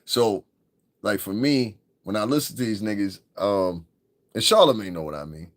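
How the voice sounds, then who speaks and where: A man's voice: lowish voice, lively intonation, normal speed, no room sound, studio quality. A man hosting his own podcast, talking in a blunt, profane, rambling commentary. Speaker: podcast host. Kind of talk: casual commentary monologue.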